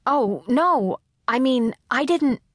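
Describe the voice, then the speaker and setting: A woman voicing a sardonic, self-mocking teenage girl who talks quickly and chattily. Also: high-pitched, lively intonation, fairly bright tone, dry recording, clean studio sound, pitched above the performer's own voice, exaggerated voice. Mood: chatty.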